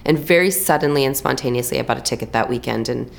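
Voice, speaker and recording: A young woman with a low, gravelly voice talks through her acting work in a relaxed interview. She tells her stories in an animated way, full of quick restarts and playful mimicry. Her tone is deep and textured, with a slight rasp. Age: young adult. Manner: animated storyteller, quick restarts, lively imitations. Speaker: actress and voice actor. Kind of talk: casual interview chat.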